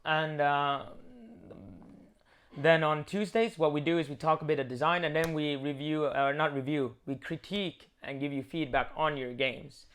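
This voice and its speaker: A man in a casual livestream, chatting loosely and cracking jokes between thoughts. His voice sits a little high for a man, and he rambles on with frequent fillers. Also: normal speed, a bit bright, smooth. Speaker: game developer streamer.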